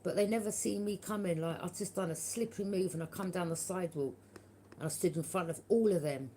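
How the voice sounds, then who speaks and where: A tarot reader with a fairly low, warm voice gives a collective reading, talking a little fast over a slight hiss or hum. She's blunt and forthright, swears freely, and keeps checking in with the tag question "yeah?"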